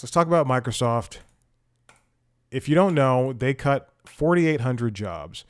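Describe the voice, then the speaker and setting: A young man rambles through a casual comedy podcast story. He gets worked up and exasperated, and he keeps restarting his sentences and laughing between them. His voice sits at an ordinary middle pitch. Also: expressive, measured pace, clear, resonant tone. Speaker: podcast host.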